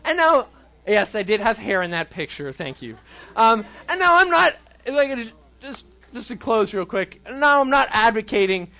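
Youth group speaker, male, high-pitched, relaxed sermon delivery with a chatty, questioning tone. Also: normal speed, vocal fry. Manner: conversational, frequent ums, rhetorical questions. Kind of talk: casual sermon.

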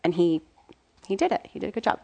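A woman in her thirties, a mother, giving an earnest and candid personal faith testimony, pausing and restarting as she speaks. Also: on the low side, very animated, creaky, mellow.

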